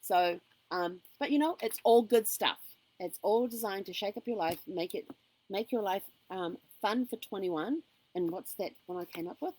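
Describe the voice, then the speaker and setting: Here a woman's lowish, darkish voice moves at a moderate pace as she gives an upbeat, encouraging vlog to camera, filled with ums. It's a low-quality recording.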